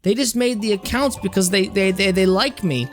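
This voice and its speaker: A man's voice: sits high, normal speed, soft background music, pitched above the performer's own voice, close to an everyday voice. A man voicing a whiny, lonely, self-pitying young creature in a video game, stammering through complaints.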